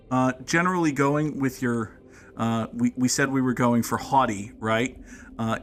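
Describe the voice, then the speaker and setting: A man's voice: medium pitch, slight background noise. A man hosting a let's play, giving casual gameplay commentary with jokes, wry asides and frequent laughs.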